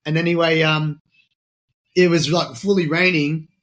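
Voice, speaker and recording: An Australian man with a slightly high-pitched voice tells his story as a podcast guest. He talks casually and animatedly, stops and restarts his sentences, and acts out the voices of the people in his story. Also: a little slow. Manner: animated, acts out quoted dialogue, frequent restarts. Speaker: podcast guest, military veteran and charity founder.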